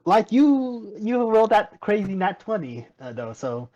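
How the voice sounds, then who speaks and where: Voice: medium pitch, big pitch swings, warm tone, highs cut off. A player in a tabletop game who stammers and restarts often while chatting. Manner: stammering, halting. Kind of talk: casual tabletop game chat.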